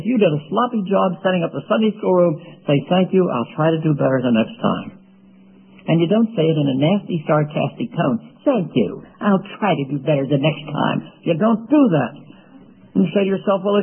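Folksy older preacher on a tinny radio broadcast. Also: male voice, a little high, slightly rough. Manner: folksy, joking storyteller. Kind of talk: sermon with personal anecdotes.

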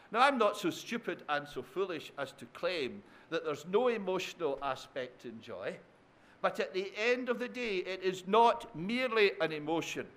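A man's voice: sits high, a bit bright. A man preaching a sermon, repeating phrases for effect, asking the congregation tag questions and calling them his dear friends. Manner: addresses listeners as dear friends.

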